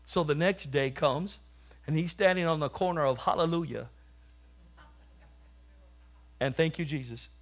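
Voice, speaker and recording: A man's voice: on the high side, brisk. A man preaching a sermon, telling a humorous story and then exhorting and praying fervently.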